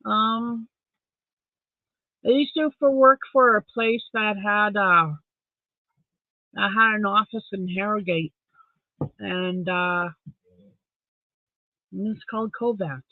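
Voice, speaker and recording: A man with a high voice speaks slowly and pauses often during a casual late-night live stream from his home in Saskatchewan, Canada. He reads viewer comments out loud, answers them, and talks with his dog. There's no echo; the recording is dry and phone-like.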